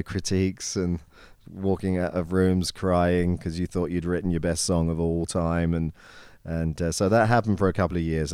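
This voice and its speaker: A man with a British accent, a songwriter guest in an interview, easygoing and friendly, often trailing off softly. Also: low voice, clean tone, no room sound, studio quality. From England. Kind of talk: casual interview.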